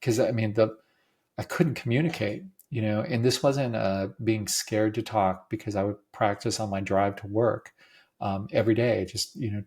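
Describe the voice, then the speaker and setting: A man hosting a podcast, talking in a halting way with many restarts and deep breaths, his voice cracking at times and emotional. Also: a little mellow. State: emotional, close to tears. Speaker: podcast host. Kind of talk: personal monologue.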